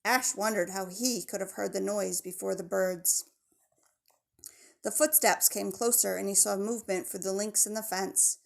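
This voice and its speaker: Woman audiobook narrator, mid-range pitch, gravelly edge, measured delivery. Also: steady tone. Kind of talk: scripted narration of a children's novel.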